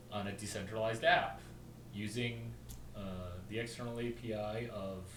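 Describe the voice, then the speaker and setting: A man's voice: on the low side, reverberant, distant mic, a little hiss or hum, poor audio. A man hosting his own video, telling a story in a rambling, casual way that jumps between topics and stops to spell out names. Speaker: video host.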